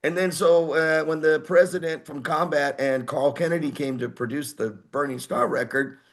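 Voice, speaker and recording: A man in his sixties from Houston, a heavy metal singer telling stories as an interview guest in an animated way, acting out other people's voices. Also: a little high, moderate pace. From Houston, Texas. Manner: animated, acts out quoted voices. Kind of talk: casual interview storytelling.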